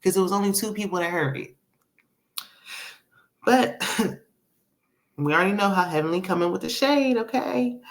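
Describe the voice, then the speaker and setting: A woman's voice: mid-range voice, lively intonation, normal speed, pauses often. A woman hosting a casual reality TV recap, sassy and chatty, tossing in "child" and "honey" and laughing between remarks.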